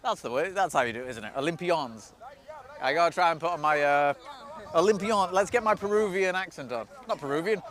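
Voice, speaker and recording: A man giving solo live play-by-play commentary beside an outdoor pitch, chatty and self-deprecating, often losing track of team names. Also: animated, brisk, fairly bright tone. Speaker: sports commentator.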